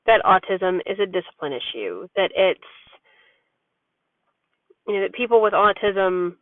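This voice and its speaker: A woman with a medium-pitched voice gives a frank, rambling personal vlog about being a parent. The candid monologue carries no room sound and is recorded dry and tinny, as if on a phone.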